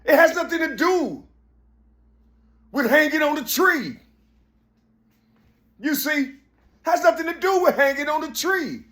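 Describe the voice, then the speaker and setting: A man's voice: very high-pitched, lively intonation, a little slow, pauses often, a bit bright. A man in a rambling spoken monologue who keeps saying "you see", swears a lot and often raises his voice for emphasis. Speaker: vlogger.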